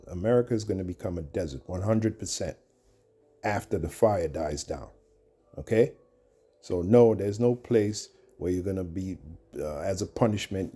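A man's voice: sits low, dark tone, breathy edge. A man teaching from the Bible in an emphatic preaching manner, repeating words as he drives his points home. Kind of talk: preaching commentary.

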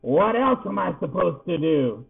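A man's voice: high voice, very animated, a little slow, pitched above the performer's own voice, heavily acted. A man voicing a grumpy, demanding old male porcupine who grumbles his words. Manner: gruff, grumbling. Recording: tinny phone-like sound.

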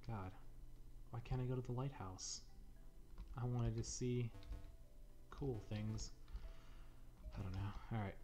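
A man casually commenting on a fan game, sarcastic, profane and irreverent. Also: medium pitch. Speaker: let's play gamer. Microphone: desk mic.

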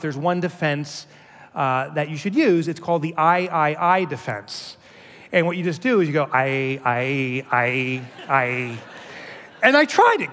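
A man with a fairly high voice delivers a keynote, spinning animated, joking stories for the crowd. His voice carries the long reverb of a large conference hall. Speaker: keynote speaker. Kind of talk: keynote speech.

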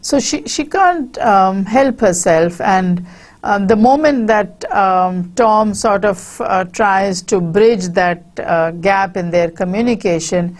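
A woman with a Pakistani accent gives a literature lecture. She explains unhurriedly, pausing and hesitating often. Her pitch sits in a middle range. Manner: explanatory, hesitant with frequent pauses. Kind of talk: university lecture.

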